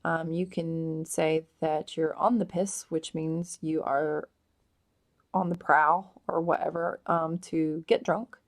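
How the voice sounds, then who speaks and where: A woman explaining slang words in a casual vlog, hesitant and full of drawn-out ums. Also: low-pitched, little pitch movement. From United States. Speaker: vlogger explaining British slang.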